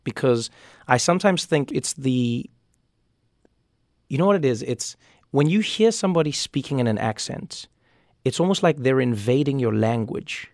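A man from Africa, a comedian giving thoughtful, animated interview answers in his thirties. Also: mid-range voice, no echo, clean studio sound. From South Africa. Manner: thoughtful, animated, frequent restarts. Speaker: comedian and talk show host as guest. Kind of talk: reflective conversational interview answers.

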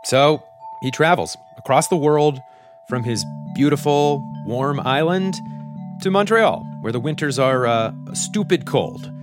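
A man's voice: fairly high pitch, measured pace. A man hosting a podcast, narrating a script and interviewing a guest in a playful, conversational way. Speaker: podcast host. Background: music.

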